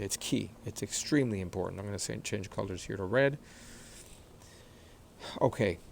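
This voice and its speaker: Middle-aged male teacher, patient and slow over repeated words, low-pitched, throat a little rough after illness. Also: darkish tone, a little hiss or hum. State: clears throat often after recent illness. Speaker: Hebrew reading teacher. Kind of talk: explanatory lesson, screen-sharing.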